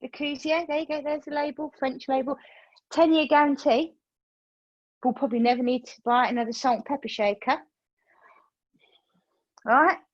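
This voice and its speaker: A woman, leading a yoga class over a video call and telling a lively story, acting out her own reactions. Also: sits high, moderate pace, pauses often, no room sound, dull audio. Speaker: yoga teacher. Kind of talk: chatty class talk with a personal story. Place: room used for online classes.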